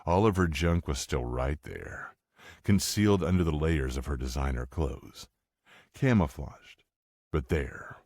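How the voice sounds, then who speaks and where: A man narrating an audiobook in a steady, matter-of-fact way. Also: very deep voice, unhurried, no echo, clean studio sound. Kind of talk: scripted narration.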